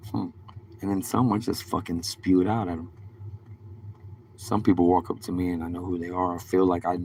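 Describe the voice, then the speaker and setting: Deep-voiced man rambling on a live stream. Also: little pitch movement, fairly quick, a little mellow, a little hiss or hum. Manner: rambling, profane, street slang. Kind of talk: casual rambling storytelling.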